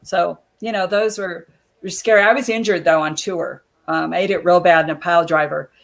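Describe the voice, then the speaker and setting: A chatty woman telling long stories on a video call. She is a lively storyteller who laughs easily between anecdotes. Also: on the low side, brisk, gravelly. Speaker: guest, former wrestler. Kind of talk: casual interview chat.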